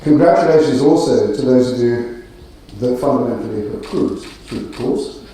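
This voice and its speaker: A middle-aged man delivers a ceremonial address with a mellow, relaxed tone and a dry, self-deprecating wit, pausing on small fillers. His voice carries from a distance through a very echoey auditorium. A faint murmur of the room sits underneath. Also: mid-range voice, slight background noise. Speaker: graduation speaker. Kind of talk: ceremonial speech. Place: large auditorium. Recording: roomy hall, distant mic, faint ambience.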